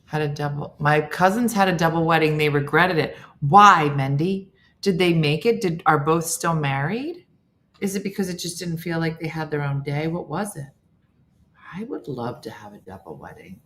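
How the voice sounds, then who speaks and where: A middle-aged woman hosts a casual morning show, reading viewer comments aloud and reacting with chatty asides. Her voice sits low, and she speaks at a moderate pace.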